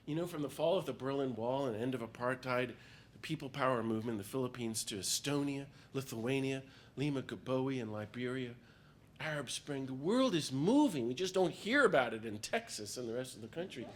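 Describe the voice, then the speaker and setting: A man's voice: mid-range voice, expressive, a little fast, a little hiss or hum. A man, a priest, giving a passionate, emphatic talk to a gathering while speaking through a cold. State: has a cold. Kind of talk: public talk to a peace group.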